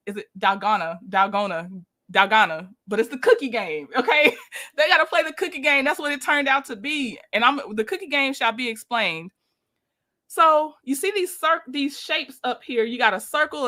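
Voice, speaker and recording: A woman's voice: on the high side, sharp tone. A woman giving a casual, chatty reality-show recap, talking straight to her viewers with opinionated asides. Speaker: YouTube commentator.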